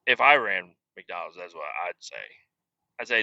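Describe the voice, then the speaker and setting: A man hosting a podcast, ranting casually with lots of swearing and sudden shouted outbursts. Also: lowish voice, expressive, normal speed, no room sound, highs cut off. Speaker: podcast host.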